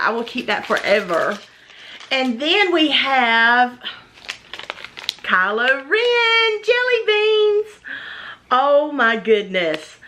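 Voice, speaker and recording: A woman's voice: fairly high pitch, sharp tone. A woman gushing and gasping with delight as she opens gifts in a casual unboxing vlog. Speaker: vlogger unboxing a gift box.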